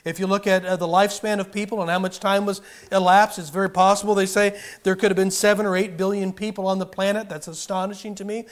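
Casting: male pastor, higher voice, earnest sermon delivery with rising emphasis and frequent restarts. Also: little pitch movement, fast talker, few pauses.

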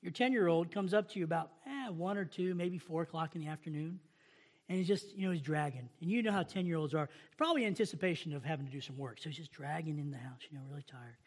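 A man's voice: fairly high pitch, fast. A male pastor preaching a conversational sermon, posing rhetorical questions and playing out his listeners' replies.

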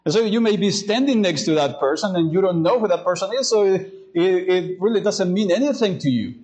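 Man preaching a sermon, somewhat high voice. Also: animated, darkish tone, muffled recording. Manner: hesitant, many fillers in the anecdote, slowing to read scripture. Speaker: pastor.

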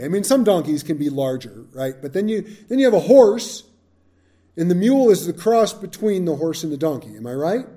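A man's voice: on the high side, mellow. A male Bible teacher reading scripture aloud and breaking off into chatty, wry asides to his group. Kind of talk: scripture reading with casual commentary.

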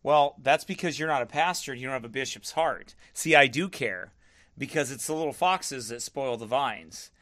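A man's voice: medium pitch, moderate pace, fairly bright tone. A man pastoring a livestream, firmly answering viewer comments and repeating himself for emphasis. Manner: firm, defensive, repeats himself.

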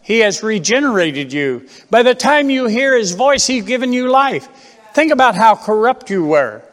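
Fervent high-voiced preacher in a reverberant hall. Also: male voice, sing-song, normal speed, fairly bright tone. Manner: fervent, rhetorical questions, repeated phrases. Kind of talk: sermon.

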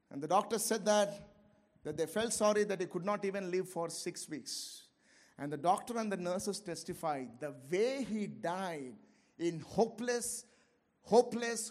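A man preaching with a strikingly high voice. He moves between fervent, raised passages and quiet, low asides. He laughs now and then as he drives his points home. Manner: impassioned, swings between shouting and low asides, laughs often. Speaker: pastor. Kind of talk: sermon.

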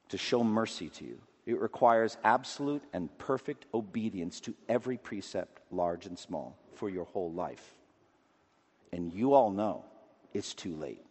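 A man preaching a sermon with emphatic delivery, rising to loud declamation and dropping low again. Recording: long reverb of a large hall.

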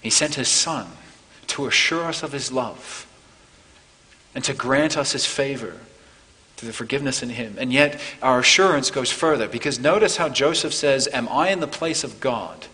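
A man's voice: mid-range voice, moderate pace. Earnest male pastor preaching in a reverberant church. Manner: earnest preaching, rising to emphatic peaks then softening. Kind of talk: sermon.

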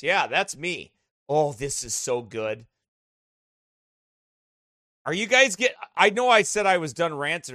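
Man, bright and lively, American pastor, casual chat before a Bible study, dry close sound. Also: fairly high pitch, no room sound. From United States. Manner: animated, laughing storyteller.

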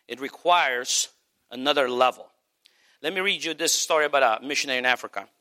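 A man's voice: medium pitch, fairly quick, bright, forceful tone. A middle-aged male pastor preaching a sermon, stressing points with emphatic repetition.

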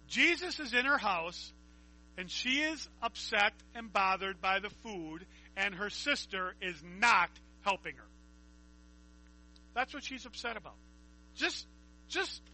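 A man's voice: high voice, animated, a little slow, bright, forceful tone, low-quality recording. A man preaching a conversational Bible teaching, reading scripture aloud and asking his listeners questions.

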